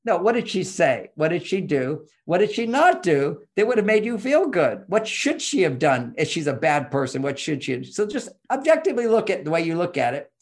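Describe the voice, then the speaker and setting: A man's voice: on the high side, big pitch swings, a little fast, hardly any pauses. A man explaining relationship advice in an interview, emphatic and teacherly, pushing his voice up on key points.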